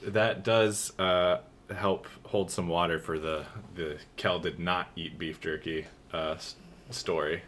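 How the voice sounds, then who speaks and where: A man co-hosting a podcast in casual chat, who gets animated and jumps way up in pitch when he is indignant. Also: slow, a little hiss or hum. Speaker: podcast co-host.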